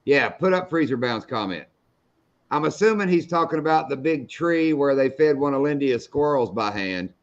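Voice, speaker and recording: A middle-aged man hosts a live fishing show, chatting casually on the stream and telling folksy stories with salty language. His mid-range voice has lively intonation and a moderate pace, and the sound is lo-fi.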